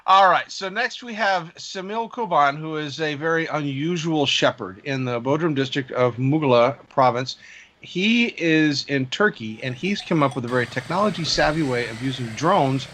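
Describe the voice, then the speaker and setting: A man hosting a drone news segment, reading stories in a measured way with frequent fillers. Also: fairly high pitch, expressive, a bit bright. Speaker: news host.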